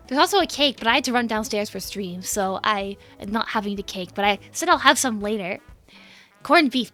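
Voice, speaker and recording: A young woman with a high, bright voice chats casually on a livestream, giggly and bubbly as she greets viewers. Her tone is crisp and forward on a desk mic. Faint music plays underneath. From United States. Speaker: VTuber streamer. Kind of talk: casual stream chat.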